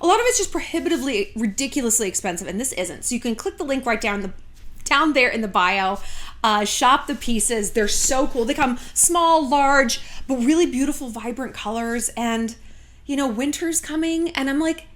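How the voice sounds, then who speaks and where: Chatty, sarcastic woman with a lively voice. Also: a little high, moderate pace. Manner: chatty, sarcastic, swears freely. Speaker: vlogger. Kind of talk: casual to-camera chat. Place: home.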